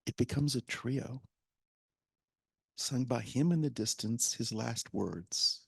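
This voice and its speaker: Speaking slowly in a mid-range voice full of vocal fry and husky texture, a male theater director recounts a story as a guest at a library talk before a live crowd. He acts out the lines he quotes with animation, sometimes falling nearly to a whisper, and the recording has no echo.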